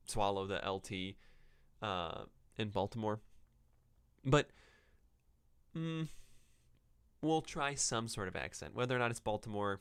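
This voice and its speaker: A man's voice: lowish voice, fairly bright tone, smooth. A man hosting a book-review podcast, talking casually without a script and rambling with many ums and self-corrections. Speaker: podcast host reviewing books. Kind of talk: unscripted casual podcast talk.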